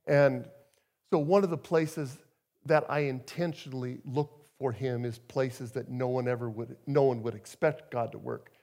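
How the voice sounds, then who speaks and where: A middle-aged man preaching a sermon as a guest speaker, telling stories with emphatic swings between soft and loud. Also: mid-range voice, fairly even intonation, normal speed. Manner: storytelling, emphatic swings in loudness.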